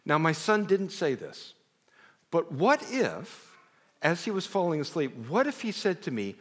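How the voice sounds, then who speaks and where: A man's voice: on the high side, wildly swooping pitch, measured pace. Earnest middle-aged male preacher in a reverberant hall. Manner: conversational, earnest storytelling with self-deprecating asides. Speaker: pastor. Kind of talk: sermon. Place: large hall before a congregation.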